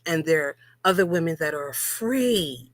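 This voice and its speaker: A woman's voice: low-pitched, animated, moderate pace, no echo. A woman co-hosting a live talk about relationships, speaking earnestly and repeating key phrases for emphasis. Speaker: co-host.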